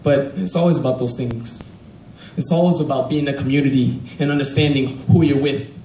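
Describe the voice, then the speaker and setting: A man's voice: medium pitch, steady tone, brisk, mellow, a little hiss or hum. A young man performing a live spoken word piece in a rhythmic, rhyming, heartfelt delivery, standing before a crowd. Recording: echoey room from a distant mic.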